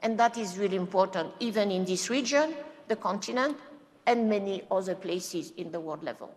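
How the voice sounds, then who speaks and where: A woman's voice: mid-range voice, a little mellow. Impassioned woman speaker in a reverberant hall. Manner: impassioned, halting non-native phrasing. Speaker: panel speaker. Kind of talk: panel discussion. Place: conference hall.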